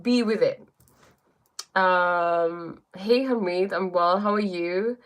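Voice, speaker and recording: A woman's voice: lowish voice, slow pace. A woman with an English accent, a spiritual teacher chatting casually on a live stream, reading viewer comments aloud and answering them. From England.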